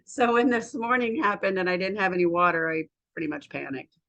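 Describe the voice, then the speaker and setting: A woman's voice: lowish voice, expressive, a little fast, creaky, a bit bright. A woman in her fifties from the United States, a health coach talking candidly and emotionally in a casual, rambling personal vlog. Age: 50s.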